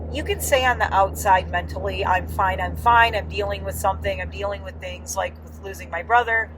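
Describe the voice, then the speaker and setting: A woman's voice: medium pitch, slight background noise, low-quality recording. A woman talking candidly in a casual personal vlog from inside her car, rambling with restarts. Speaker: vlogger.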